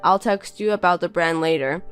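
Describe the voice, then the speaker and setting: Bossy insulting husband, read by a woman in a lowish voice, cold and belittling. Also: normal speed, faint music behind, lightly acted. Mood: contemptuous. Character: scornful insulting young husband. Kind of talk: reading a text-message story.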